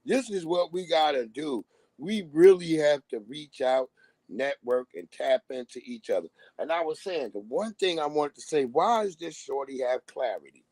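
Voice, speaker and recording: A man's voice: fairly high pitch, animated, moderate pace, a little mellow, no echo. A man hosting a live stream, reacting to clips in emphatic, profane casual commentary and calling his viewers family. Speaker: livestream host reacting to clips.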